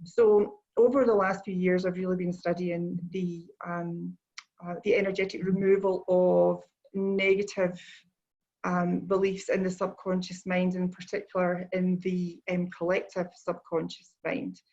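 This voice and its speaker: A woman with a Scottish accent explains her ideas as a guest, calm and measured, pausing on frequent ums. Her voice comes through a dull, lo-fi call line. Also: lowish voice. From Scotland. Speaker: guest, energy healer. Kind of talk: conversational explanation.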